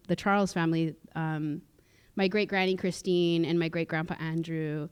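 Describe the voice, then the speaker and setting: Woman from musqueam in canada, lowish smooth voice, rambly storytelling w lots of um's and laughs. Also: moderate pace, hardly any pauses. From Musqueam community, Canada. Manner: chatty, many fillers and restarts, laughs often. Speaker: guest speaker at a cultural sharing. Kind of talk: casual personal storytelling. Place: theatre stage.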